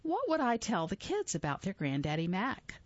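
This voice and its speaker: A woman in her forties narrating a memoir audiobook in a measured, reflective way. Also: mid-range voice, huge pitch swings, no echo, highs cut off.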